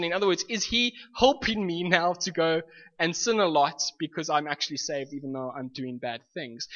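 A man's voice: fairly high pitch, normal speed, a bit bright. A man preaching a sermon in an earnest way, restating his points and coaxing the congregation to answer back. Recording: lo-fi recording with long hall reverb.

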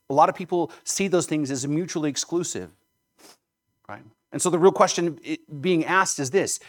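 A man preaching a sermon in a fairly high voice. He drives his points home with rhetorical questions and keeps asking "right?" to check that his listeners are with him. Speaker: pastor.

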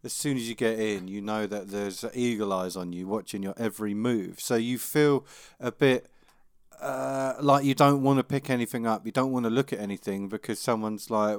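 A man talking calmly and evenly in a casual chat. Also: fairly low pitch, normal speed, smooth, no room sound, clean studio sound.

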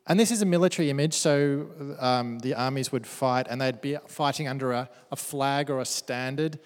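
Medium in pitch and normal in speed, a male pastor works through a sermon, reading verses and tossing in lighthearted jokes. The church hall setting gives the recording a long reverb.

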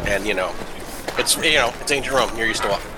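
A man's voice: fairly low pitch, quick pace, heavy background noise. A man narrating a tabletop game as game master, rambling with many fillers.

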